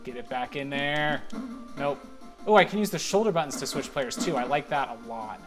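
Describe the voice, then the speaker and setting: A man's voice: medium pitch, normal speed, over music. A man giving casual, rambling commentary while playing a video game, mocking his own mistakes and breaking into sudden exclamations. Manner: rambling, self-deprecating play-by-play with sudden exclamations. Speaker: let's play gamer.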